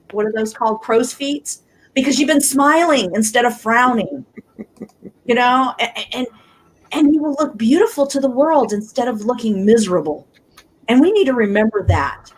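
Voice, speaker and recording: Woman on a church talk panel, kinda high voice, animated and chatty. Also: husky, poor audio. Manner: animated storytelling. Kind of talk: casual faith discussion.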